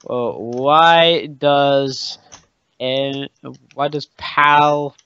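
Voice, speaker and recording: A man's voice: mid-range voice, drawn-out words, fairly bright tone, clear, resonant tone, no room sound. A young man co-hosting a podcast in casual banter, crude and profane, with jokey outbursts. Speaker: podcast co-host. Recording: dull, lo-fi dry home recording.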